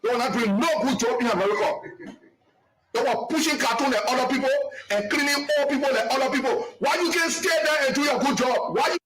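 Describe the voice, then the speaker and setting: A man's voice: very high voice, fast talker, slight background noise. A man scolding emphatically in a heated street argument. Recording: distant voice, loud crowd.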